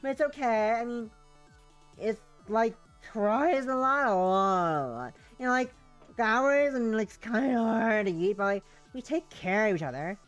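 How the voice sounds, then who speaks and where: Faint music plays behind a woman with a fairly high, expressive voice who reads game text a little slowly. She portrays a giddy, dreamy, clingy, obsessive girl whose breathless valley-girl rambling is packed with "like."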